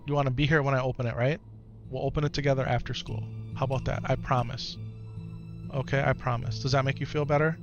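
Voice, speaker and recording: A man in his thirties with an American accent, a streamer and father talking at home, gentle and patient with his child, lively with his chat. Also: medium pitch, fast talker, muffled recording, faint music behind. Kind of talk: casual live-stream chat.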